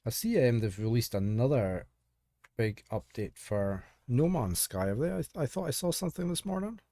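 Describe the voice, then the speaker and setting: A man's voice: mid-range voice, expressive, moderate pace, mellow, no echo. A male streamer reading a visual novel aloud on a live stream, chatting casually between lines. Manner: casual, rambling asides with restarts. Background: game music.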